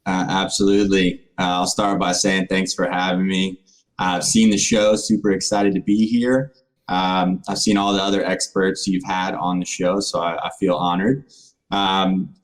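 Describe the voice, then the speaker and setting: A man's voice: low voice, poor audio. A man in his thirties, a project manager and podcast guest, speaking earnestly with many fillers. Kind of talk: casual podcast chat.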